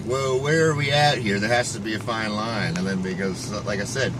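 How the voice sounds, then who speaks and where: A man's voice: medium pitch, background noise. A man giving a rambling, profane vlog monologue, often breaking off and restarting his sentences. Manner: profane, restless, self-interrupting. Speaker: fitness vlogger.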